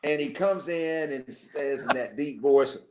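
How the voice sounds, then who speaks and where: A man from Arkansas, a football coach telling lively stories as an interview guest. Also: a little high, measured pace, very noisy. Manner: animated storyteller, acts out quotes. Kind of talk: storytelling in a radio interview.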